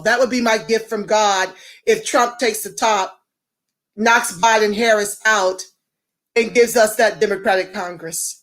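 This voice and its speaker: A woman's voice: on the high side, takes it slowly. A woman hosting a casual livestream, talking straight to viewers and greeting commenters by name. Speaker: livestream host.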